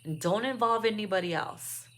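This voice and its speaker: A woman's voice: medium pitch, normal speed, noisy background. Blunt, swearing woman reading cards. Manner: blunt and profane, laughs often. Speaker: tarot reader. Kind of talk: casual card reading.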